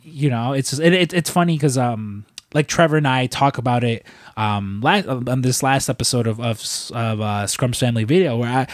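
A young man hosting a podcast, telling stories in a rambling, profane, animated way. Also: mid-range voice, moderate pace, few pauses, dry recording, clean studio sound. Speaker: podcast host. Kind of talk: casual chat.

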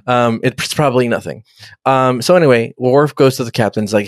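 A man's voice: mid-range voice, no room sound, studio quality. A man co-hosting a casual comedy podcast, laughing often, swearing freely and acting out characters as he recaps an episode. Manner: profane, laughing, acts out characters in quick voices. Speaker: podcast co-host.

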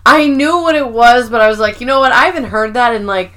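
A woman's voice: a little high, quick pace, a bit bright. A woman co-hosting a podcast who chats casually, reacting with exclamations and chiming into the recap. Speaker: podcast co-host.

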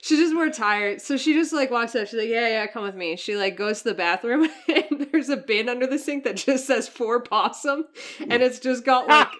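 A woman playing a tabletop role-playing game, describing her character's actions in a relaxed, giggly way. Her voice sits somewhat high. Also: moderate pace. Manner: laid-back, giggly storytelling.

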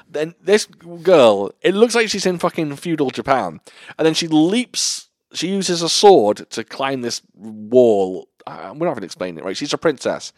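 A man's voice: on the high side, sing-song, normal speed, no echo, clean studio sound. Rambling, swearing young man podcaster. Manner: rambling, swearing, laughing often. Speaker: podcast co-host. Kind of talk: casual film review chat.

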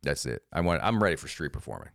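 Low-voiced animated man on a podcast. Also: quick pace, creaky, dry recording, studio quality. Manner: animated storyteller who jumps into silly high voices for quotes. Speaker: podcast co-host and stand-up comedian. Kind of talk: casual podcast chat.

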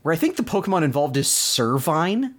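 Podcast co-host, exasperated storyteller, very lively pitch. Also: male voice, a little fast. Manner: exasperated, animated retelling. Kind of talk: casual chat.

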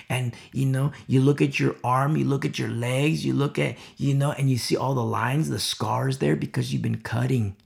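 A man preaching a sermon, emphatic and repetitive, swinging from loud to hushed. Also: medium pitch, fairly even intonation, normal speed, gravelly, hardly any pauses.

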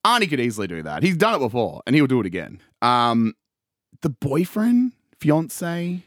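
A man co-hosting a casual film podcast, animated and rambling. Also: mid-range voice, normal speed, no room sound, studio quality. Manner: animated, laughs often, rambling. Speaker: podcast co-host. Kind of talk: casual film-review chat.

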